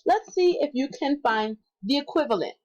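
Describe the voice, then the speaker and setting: A woman as an instructor in a recorded lesson, patiently repeating words slowly for learners and correcting herself aloud. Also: sits high, expressive, darkish tone, muffled recording. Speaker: Spanish instructor.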